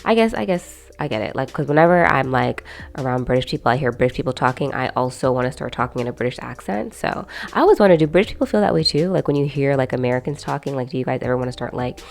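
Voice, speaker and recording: A woman's voice: extremely low pitch, lively intonation, quick pace, gravelly, few pauses. A young woman hosting her own video, chatting casually to camera and rambling with lots of fillers and asides. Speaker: video host.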